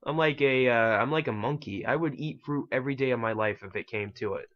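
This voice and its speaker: A man's voice: medium pitch, brisk. Rambling young-sounding gamer man, lo-fi. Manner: rambling, self-mocking, swears casually. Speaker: gaming channel host. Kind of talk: casual gameplay commentary.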